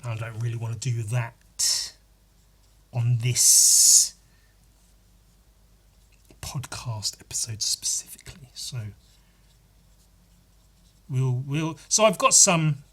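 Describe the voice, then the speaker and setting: A man's voice: medium pitch, fairly bright tone, breathy edge. A man hosting his own podcast in a casual solo monologue, rambling and self-deprecating and swearing now and then. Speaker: podcast host.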